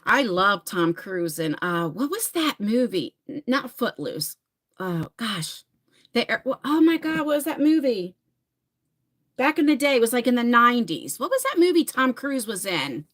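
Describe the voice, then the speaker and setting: A woman's voice: fairly high pitch, very animated, normal speed, a bit bright. A middle-aged woman from New Jersey with a New Jersey accent, chatting casually on a livestream, rambling and reading viewer comments aloud. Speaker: livestream host.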